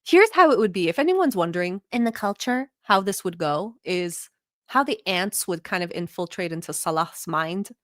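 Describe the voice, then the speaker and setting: A woman's voice: fairly low pitch, lively intonation, moderate pace, fairly bright tone, dry recording, clean studio sound. A woman from the Middle East hosting a casual reaction video, with blunt, profane commentary and frequent laughing asides. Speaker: reaction vlogger host.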